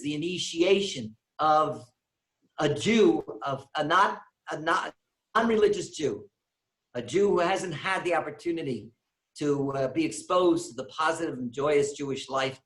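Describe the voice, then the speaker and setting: In a synagogue hall, a man with a voice on the high side lectures, retelling a comic story and performing its characters' voices. He's an animated storyteller who laughs at his own jokes; the audio is poor and echoey.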